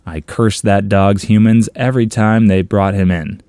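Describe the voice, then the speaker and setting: A man's voice: normal speed, clear, resonant tone, no room sound. A man narrating online comments aloud for a story channel, in a playful, amused reading. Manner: playful, amused reading with lively pitch swings.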